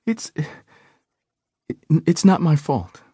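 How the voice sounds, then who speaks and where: A man's voice: fairly high pitch, animated, a little slow, a little mellow, breathy edge, no echo, studio quality, pitched above the performer's own voice, heavily acted. A man voicing a dazed, panicked young woman who stammers and halts breathlessly, in an audiobook.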